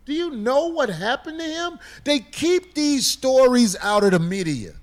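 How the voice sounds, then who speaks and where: A man with a high voice rants heatedly in a casual podcast chat. His pitch swings widely as he swears and presses his point. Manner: heated ranting, profane.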